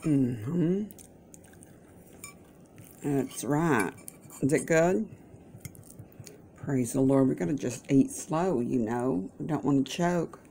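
A woman's voice: a bass voice, expressive, takes it slowly, creaky, long pauses, mellow, a little hiss or hum. A woman chatting in a folksy, chatty way at her kitchen table, with religious asides. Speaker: vlogger caring for her mother. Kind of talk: casual chat. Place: home kitchen, breakfast table.

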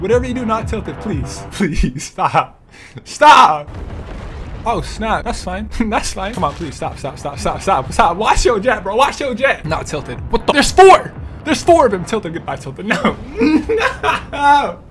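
A man giving excited gameplay commentary, laughing often and yelping and pleading loudly as things happen. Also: high voice, unhurried, faint music behind. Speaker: gaming streamer.

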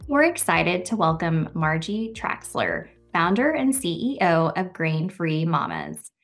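A woman's voice: on the low side, sing-song, a little slow. A woman hosting an interview show, reading a polished introduction and asking questions. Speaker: podcast host. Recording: faint music behind.

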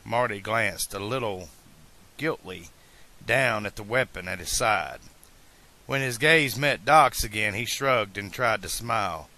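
A man narrating an amateur audiobook at an uneven pace, slowing on some phrases. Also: on the low side, sharp tone.

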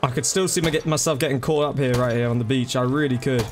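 A man's voice: mid-range voice, steady tone, fast talker, background noise. A man chatting casually to viewers during a live gaming stream, thanking them by name and calling them bro and dude.

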